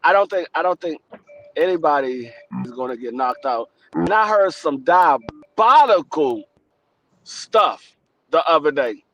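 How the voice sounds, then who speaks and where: A man co-hosting a casual podcast chat, talking over a Bluetooth headset with animated, teasing trash talk. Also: on the high side, a little slow, pauses often, poor audio.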